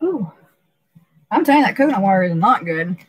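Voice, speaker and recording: A woman's voice: medium pitch, very animated, fairly quick, slightly rough. A woman hosting a casual live stream, rambling and emotional, laughing often and filling gaps with "uh" and "um".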